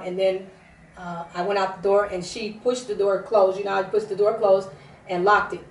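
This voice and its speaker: A woman's voice: mid-range voice, flat delivery, normal speed, darkish tone. A woman giving a tearful personal testimony, rambling with many restarts. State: teary. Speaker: prophetess broadcasting a service. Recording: roomy, distant from the mic.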